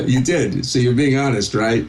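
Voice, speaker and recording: A man's voice: mid-range voice, darkish tone, low-quality recording. A man hosting a casual radio interview, asking chatty, teasing questions. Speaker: radio show host.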